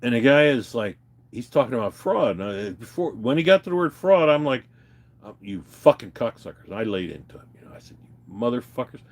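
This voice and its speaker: A man's voice: mid-range voice, lively intonation, brisk. A man venting in a heated, profane rant to his viewers, retelling a phone call. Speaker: vlogger.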